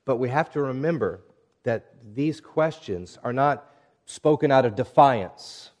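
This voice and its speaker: A pastor with an expressive, mid-range voice reads scripture during his sermon. He speaks in a measured, earnest manner, at times dropping to hushed tones.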